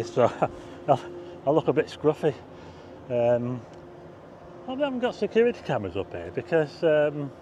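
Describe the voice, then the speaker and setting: A man rambles through a walking-tour vlog outdoors at night, covering a car park roof and town streets and pointing things out to his viewers. He has a medium-pitched, warm voice, captured in a muffled recording with a little hiss or hum.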